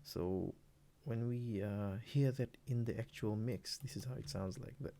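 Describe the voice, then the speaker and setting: Man, low voice, music producer, relaxed rambling explanation, home studio tutorial. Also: measured pace, vocal fry, very noisy. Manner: relaxed, rambling, many fillers and restarts. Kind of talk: casual screen-recorded tutorial.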